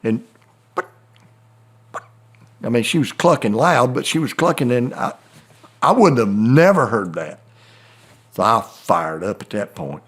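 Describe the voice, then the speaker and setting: A man's voice: medium pitch, lively intonation, normal speed, husky. A middle-aged man with a Southern American accent, telling a rambling, folksy story in casual chat. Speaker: turkey hunting guide.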